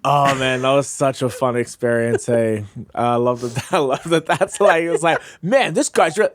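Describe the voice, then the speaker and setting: A man who is a freestyle MC, chatting as a podcast guest, telling lively stories with frequent laughs and acted-out quotes. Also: medium pitch, normal speed, dry recording. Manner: lively, laughs often, acts out quoted voices. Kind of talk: casual storytelling chat.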